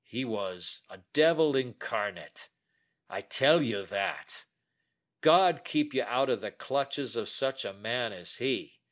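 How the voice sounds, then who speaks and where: A man voicing an aging, remorseful man who talks in a slow, heavy, pleading way. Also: medium pitch, lively intonation, fairly bright tone, pitched above the performer's own voice. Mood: confessing.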